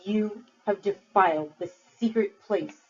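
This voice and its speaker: A woman's voice: mid-range voice, measured pace, natural voice. A woman voicing a stern, raging clan leader. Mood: angry. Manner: stern, commanding. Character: scarred stocky male clan leader, raging. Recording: dull lo-fi recording.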